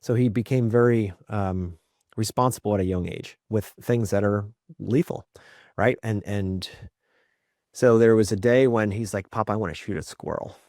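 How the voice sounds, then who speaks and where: Reflective father telling a story, low voice. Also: measured pace, no room sound, studio quality. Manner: reflective, often asks for agreement with "right?"; lively acted-out quotes in his stories. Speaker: podcast guest, father. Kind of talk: candid storytelling in conversation.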